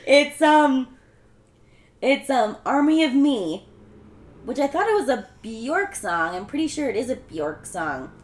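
A woman's voice: sits high, animated, a little slow. A young woman casually retelling a film plot as a podcast co-host, chatty and full of fillers. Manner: chatty, filler-heavy storytelling. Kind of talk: casual film recap chat. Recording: roomy echo.

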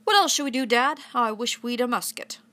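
A woman voicing a young farm lad, the narrator's practical older brother, speaking quietly in a storybook reading. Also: a little high, expressive, fairly quick.

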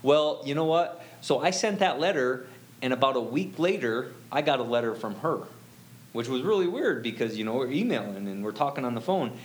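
A man's voice: medium pitch, animated, brisk. Rambling middle-aged man telling a story. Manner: rambling, full of "you know" fillers. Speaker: interview guest. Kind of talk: personal storytelling.

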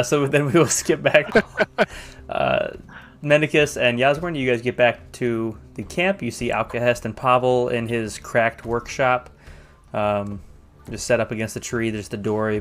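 A man's voice: on the low side, fairly bright tone. A man acting as game master, narrating scenes and calling for checks in a casual, filler-heavy way. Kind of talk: narrating and ruling a tabletop game.

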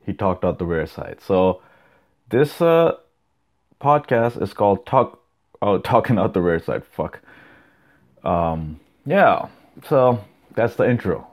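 Deep-voiced, profane young man podcasting. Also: sing-song, takes it slowly, pauses often, darkish tone. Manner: loose, profane, rambling, reacting to clips. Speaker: podcast host. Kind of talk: casual solo podcast chat.

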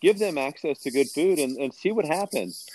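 A man's voice: on the high side, lively intonation, moderate pace, darkish tone, slightly rough, poor audio. Earnest, enthusiastic man. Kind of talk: casual conversation.

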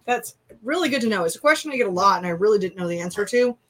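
A woman with a Minnesota accent hosting a casual racing livestream, chatty and quick to laugh while she reads out viewer comments. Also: medium pitch, animated. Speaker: livestream host.

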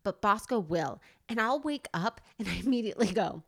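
A woman's voice: mid-range voice, fairly quick, gravelly. A woman in her thirties co-hosting a podcast in casual chat, talking animatedly, laughing often and acting out her stories. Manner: animated, laughing, gestures with whole body. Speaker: podcast co-host.

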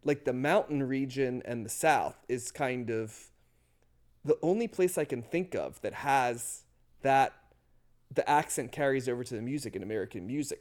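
A man's voice: mid-range voice, a little mellow. A man from the US Northeast co-hosting a podcast, chatting casually about music and thinking aloud with lots of fillers. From US Northeast, near New York and Philadelphia. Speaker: podcast co-host.

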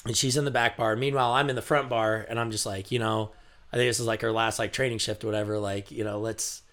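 A man with a bright, forward voice tells a story in relaxed podcast chat. He leans on fillers like "you know" and "like", and he breaks into laughter as he builds to the punchline. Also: lowish voice, fast.

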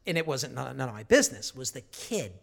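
A man's voice: mid-range voice, big pitch swings, fast talker, gravelly. A man telling a long story in casual chat, profane and rambling.

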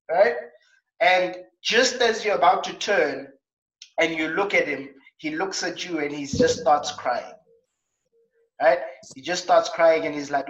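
South African man, radio coach, lively storyteller, roomy sound from a distance, muffled. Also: a little high, measured pace. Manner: animated storytelling with acted asides. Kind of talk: talk show coaching talk.

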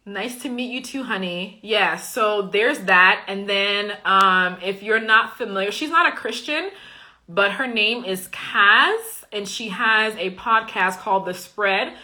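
A woman's voice: mid-range voice, measured pace, pushed and bright. A Liberian-born woman who works as a coach, chatting casually while answering viewer comments, chatty and emphatic. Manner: chatty, emphatic, often says "okay?". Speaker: coach and live-stream host.

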